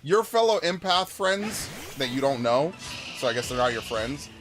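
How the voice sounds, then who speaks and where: A man's voice: medium pitch, sing-song, moderate pace, fairly bright tone. A man giving profane, ranting let's-play commentary while reacting to chat comments. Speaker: gaming YouTuber. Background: game music.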